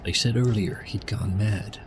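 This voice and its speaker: A man voicing a dramatic male movie-trailer narrator with a portentous, drawn-out delivery. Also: fairly low pitch, music in the background, natural voice. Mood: ominous.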